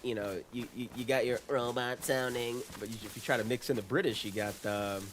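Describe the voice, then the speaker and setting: A man's voice: medium pitch, steady tone, a little fast, a bit bright, slight background noise. A man chatting casually on a live game stream, playful, laughing often and greeting viewers in chat. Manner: laughs often, playful, trying silly voices.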